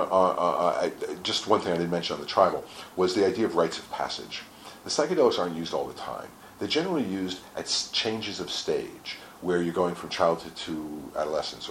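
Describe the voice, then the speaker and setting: A man with a very deep, gravelly voice, talking as a guest in a relaxed chat. His pitch swings widely as he acts out little scenes and swears without a second thought. The sound has an echoey room to it with faint hiss underneath. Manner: animated storyteller, acts out quotes, swears casually. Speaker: interview guest. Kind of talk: casual explanatory talk.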